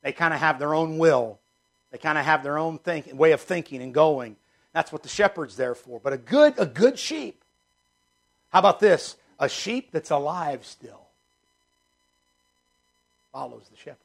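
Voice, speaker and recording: A middle-aged man preaching a sermon in a gravelly, slightly high voice. He hammers key phrases again and again and moves from ringing emphasis to quiet, low asides. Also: expressive, normal speed. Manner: emphatic, repeats key phrases, swings from loud to hushed. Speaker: pastor.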